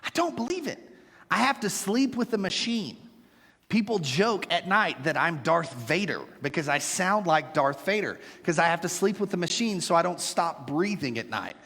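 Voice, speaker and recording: A middle-aged man preaching a sermon as pastor, animated and joking with playful asides to his congregation. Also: a little high, normal speed, in a large hall. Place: church sanctuary.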